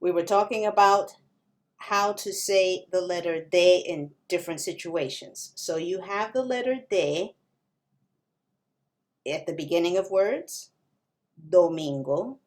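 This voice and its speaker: Slow, careful woman teaching pronunciation. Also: lowish voice, a little mellow. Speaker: Spanish teacher. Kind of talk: language lesson.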